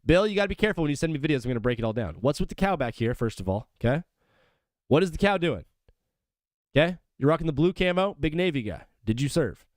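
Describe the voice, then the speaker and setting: A man's voice: on the high side, very animated, fast, dry recording, clean studio sound. A young man hosting a live sports stream, chatting loosely and jokingly with viewers and calling them brother. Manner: rambling, jokey, calls viewers brother. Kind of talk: casual live-stream chat.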